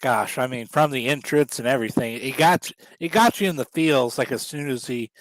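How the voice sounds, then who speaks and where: A man co-hosting a wrestling show, talking in a halting way with lots of fillers. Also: medium pitch, rough recording. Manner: halting, filler-heavy talk. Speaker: co-host. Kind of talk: casual chat.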